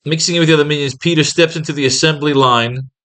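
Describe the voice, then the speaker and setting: A man's voice: a little high, steady tone, fast, pushed and bright. A man teaching comic writing in a casual, rambling and profane way, acting out scenes as he plans pages.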